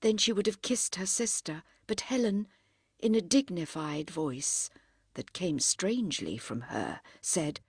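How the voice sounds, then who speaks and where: A woman narrating a classic novel as an audiobook, measured and expressive. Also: lowish voice, husky, no echo, clean studio sound.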